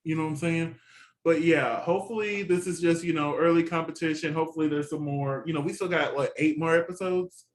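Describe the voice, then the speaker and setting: A man co-hosting a casual review chat, animated and laughing often. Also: fairly high pitch, fairly quick, slight background noise, low-quality recording. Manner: chatty and animated, laughs often, quotes reactions. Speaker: co-host reviewing a TV competition.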